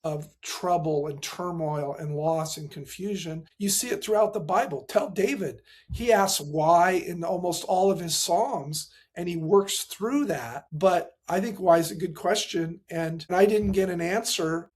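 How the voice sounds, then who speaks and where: A middle-aged man, a pastor and grief specialist, telling a painful personal story as a guest, acting out the dialogue and dropping to a soft voice at the hardest moments. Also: high voice, measured pace, few pauses. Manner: earnest, acts out quoted dialogue, voice drops soft at painful moments.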